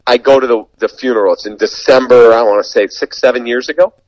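Storytelling sports broadcaster, dry close sound. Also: male voice, mid-range voice, quick pace, dry recording, muffled recording. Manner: animated anecdote teller, acts out quoted dialogue. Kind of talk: storytelling in a podcast chat.

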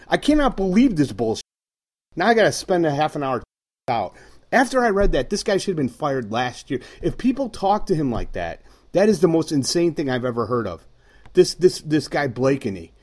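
A man's voice: a little high, very animated, moderate pace, darkish tone. An older man ranting heatedly on a sports podcast, swearing often and getting worked up. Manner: fiery, ranting, swears a lot. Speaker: podcast co-host.

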